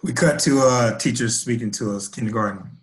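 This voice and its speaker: A man co-hosting a casual podcast chat, asking halting, joking questions. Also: medium pitch, a little hiss or hum.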